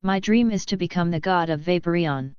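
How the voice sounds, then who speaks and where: A woman's voice: on the low side, a little fast, a little mellow, clean tone, dry recording, lightly acted. A woman voicing a brash, theatrical young man who declaims grandly. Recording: dull lo-fi audiobook audio.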